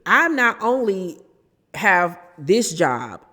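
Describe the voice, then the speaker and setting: A middle-aged woman hosting a casual reality TV recap, animated and opinionated, quoting people in quick bursts. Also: on the low side, long reverb tail.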